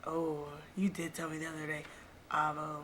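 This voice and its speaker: A woman's voice: sits low, monotone, moderate pace, fairly bright tone, slight background noise. A young woman hosting a casual podcast chat, curious and upbeat, asking questions and laughing easily. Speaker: podcast host.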